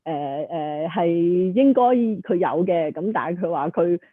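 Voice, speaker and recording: A woman hosting an interview, summarizing for viewers and pausing often to search for words. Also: fairly low pitch, lively intonation, slightly rough, no echo. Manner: hesitant, with frequent filler sounds. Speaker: host. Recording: tinny phone-like line, dry.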